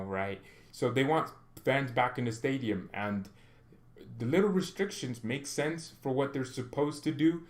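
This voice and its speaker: A man hosting a fan channel, ranting in a chatty, animated way and often tagging sentences with questions. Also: medium pitch. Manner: animated ranting with bursts of loud exclamation; chatty, frequent "right?" tag questions. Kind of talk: casual opinion vlog.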